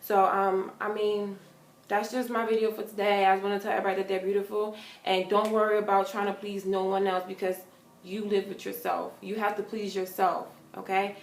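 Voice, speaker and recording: A young woman vlogging casual advice to her viewers, earnest and big-sisterly, getting animated when she tells stories. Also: medium pitch, fairly quick. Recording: echoey room.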